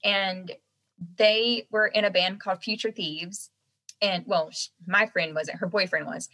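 A young woman with a softened Southern American accent, chatting casually as a guest and laughing often. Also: mid-range voice, steady tone, unhurried, poor audio. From Southern United States. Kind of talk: casual chat.

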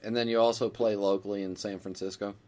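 A man's voice: fairly low pitch, little pitch movement, fast talker, a little mellow. Man asking brief interview questions. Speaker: podcast host.

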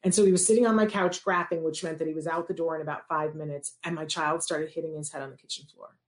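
Woman, parent, personal storytelling, animated, acts out dialogue. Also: low voice, fast talker. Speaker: parent telling her story.

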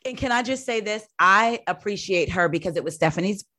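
A woman in her forties co-hosting a podcast, relaxed and joking, laughing often as she tells stories. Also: medium pitch, brisk. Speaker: podcast co-host. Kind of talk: casual chat.

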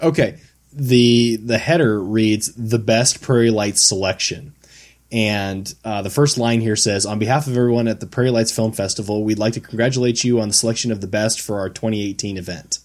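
A man co-hosting a podcast, telling a funny story in an animated, casual way. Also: on the low side, normal speed. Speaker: podcast co-host and filmmaker.

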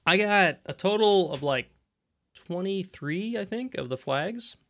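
Co-hosting a laid-back tech podcast, a man spins animated stories and laughs often. His voice sits high and he keeps a measured pace.

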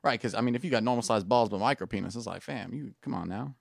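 A man's voice: on the low side, fast, gravelly, no echo. A man riffing crude, playful jokes in casual podcast banter, recorded on a close, dry mic.

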